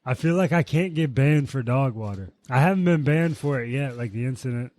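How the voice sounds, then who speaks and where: A man's voice: medium pitch, brisk, dry recording. A man casually chatting on a podcast, telling a story with lots of swearing and heated outbursts. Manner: profane, animated storytelling with heated quoted outbursts. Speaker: podcast co-host.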